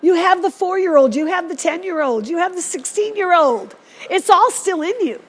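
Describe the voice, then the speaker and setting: A woman's voice: extremely high pitch, lively intonation, moderate pace. A woman preacher giving a sermon in a church, speaking earnestly and urging her listeners on. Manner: earnest, exhorting.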